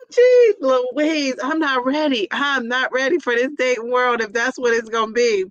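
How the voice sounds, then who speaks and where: A woman's voice: high voice, moderate pace, dry recording, muffled recording. A woman hosting a casual livestream, reading viewer comments aloud and laughing often between them. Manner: laughs often, giggly exclamations. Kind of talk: casual live chat.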